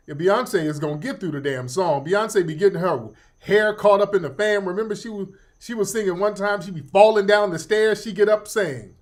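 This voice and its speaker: A man's voice: sits high, brisk, few pauses. A middle-aged man hosting a casual livestream commentary, profane and joking, laughing often. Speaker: host.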